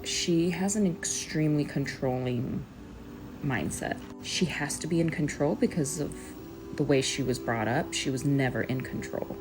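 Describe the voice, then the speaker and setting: A woman telling a personal story in an earnest, emphatic way, pausing on stressed words. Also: low voice, over music, rough recording.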